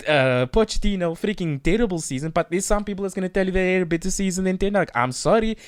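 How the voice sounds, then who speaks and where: A man co-hosting a casual football podcast, excitable and teasing, often repeating himself. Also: high voice, quick pace, clean tone, no echo, clean studio sound. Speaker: podcast co-host.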